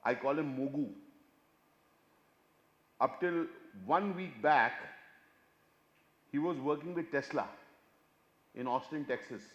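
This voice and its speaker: An older Indian-accented man performs stand-up comedy in a large, echoey hall, his fairly high voice carrying a long reverb tail. He talks in a chatty, self-mocking way, slipping between Hindi and English and jumping from hushed asides to loud outbursts. The sound is slightly muffled, as if picked up through a PA system. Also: slow, long pauses.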